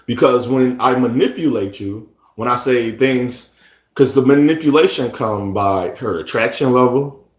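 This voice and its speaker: A man's voice: mid-range voice, reverberant. A man talking casually in a rambling, repetitive way, often restarting his sentences. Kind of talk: casual monologue.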